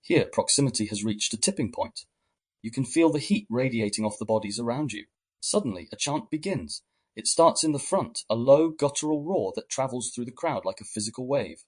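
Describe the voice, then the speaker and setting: Male narrator, husky, mid-pitched, calm second-person guided narration. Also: fairly quick.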